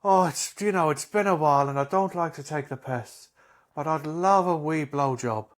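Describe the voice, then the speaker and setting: A man putting on a rough Irish accent to voice an old husband in a joke. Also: fairly high pitch, moderate pace, close to an everyday voice. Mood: coaxing. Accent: put-on Irish. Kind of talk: joke telling.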